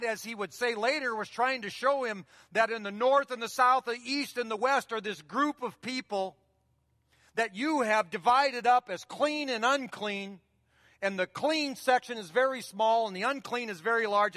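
A man's voice: extremely high pitch, normal speed, bright, forceful tone, clean studio sound. A man preaching a sermon as pastor, in a conversational style that keeps repeating key phrases, heard in a church sanctuary. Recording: long reverb of a large hall.

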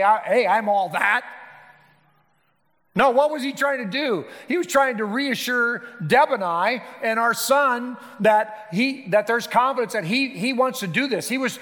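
A middle-aged male pastor delivers an earnest sermon in a church sanctuary, swelling into emphatic appeals. His voice sits high for a man. The sound carries a long reverb from the hall. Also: fairly bright tone.

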